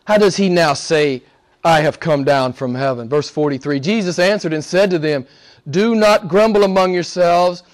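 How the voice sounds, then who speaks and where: A male pastor with a notably high voice delivers a sermon in church. He preaches emphatically, firing rhetorical questions and moving between hushed lines and forceful declarations. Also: normal speed.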